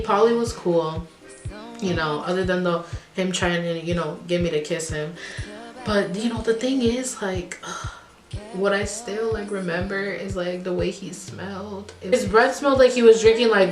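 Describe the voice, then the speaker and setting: A young woman vlogger, from the Midwest, telling a personal story in a casual, animated way with plenty of fillers and asides. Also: mid-range voice, reverberant. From Chicago.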